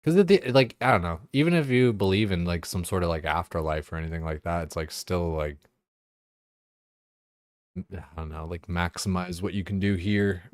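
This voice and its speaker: A man's voice: low voice, normal speed, no echo. A young man streaming a game, chatting casually in a crude, rambling way full of fillers and swearing. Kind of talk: casual chat while gaming.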